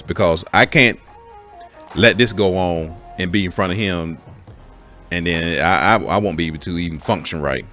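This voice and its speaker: A man's voice: deep voice, moderate pace, fairly bright tone, soft background music. A man telling a personal story in a candid, profane way, speaking straight to his listeners as folks. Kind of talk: casual spoken story.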